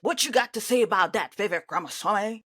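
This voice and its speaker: A woman's voice: medium pitch, quick pace, husky, no echo, studio quality. A woman giving reaction commentary on an interview, indignant and sarcastic, talking back at the screen. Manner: animated, swings between loud outbursts and mutters.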